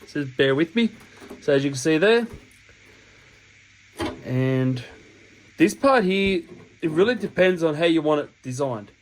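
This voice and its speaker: A man's voice: a little high, animated, a little slow, long pauses, a little hiss or hum, low-quality recording. An Australian man with a slightly raised voice walks through a hands-on task in casual, wandering steps. He sounds a bit sniffly from a cold. His explanations keep looping back to correct themselves. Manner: rambling, chatty, self-correcting explanations. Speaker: hobby channel host. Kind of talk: casual step-by-step tutorial. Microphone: camera mic while working.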